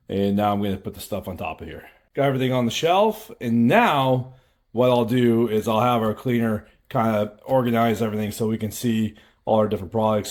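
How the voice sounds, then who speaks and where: A man's voice: medium pitch, a little mellow. A man hosting a casual vlog, chatting upbeat to a handheld camera while moving around indoors in rental houses. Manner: upbeat, chatty, thinking aloud. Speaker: vlog host and short-term rental owner.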